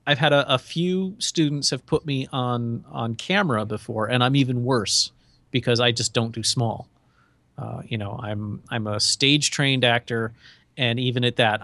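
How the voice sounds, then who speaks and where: Animated, chatty man, dry close sound. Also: mid-range voice, no echo. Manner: animated storyteller, acts out quotes in shifting voices. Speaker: podcast co-host. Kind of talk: casual chat.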